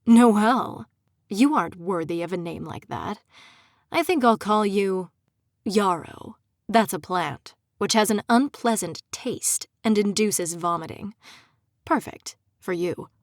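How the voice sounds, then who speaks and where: A woman voicing a cold, sadistic young male fae captor in an audiobook, with a low, husky, purring voice and a slow, mocking, menacing way of talking. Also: no room sound, studio quality.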